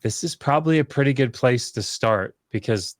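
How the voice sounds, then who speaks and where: A man speaking as a guest scholar in a casual podcast conversation, candid and self-deprecating, talking in quick bursts. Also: mid-range voice, no room sound, clean studio sound.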